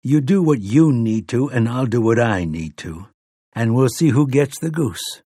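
Stubborn wry woman muttering her thoughts, husky, read by a guy. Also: medium pitch, lively intonation, a little slow, dark tone, no room sound, clean studio sound. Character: determined wry woman thinking to herself.

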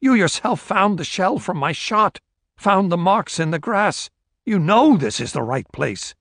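A man's voice: sits high, animated, a little slow, a bit bright, dry recording, clean studio sound, pitched above the performer's own voice, heavily acted. A man reading a desperate, strained man whose voice is near breaking, pleading and raising his voice.

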